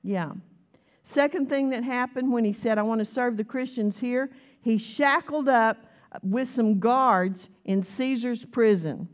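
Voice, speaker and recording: A woman preacher, giving a sermon full of animated stories, laughter and exclamations. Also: a little high, a little slow, muffled recording.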